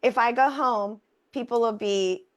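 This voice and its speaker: A woman's voice: on the high side, unhurried. A woman in her fifties from Texas, a native Spanish speaker, co-hosting a casual podcast chat and laughing often as she talks. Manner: laughs often, lively and self-deprecating. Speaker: co-host.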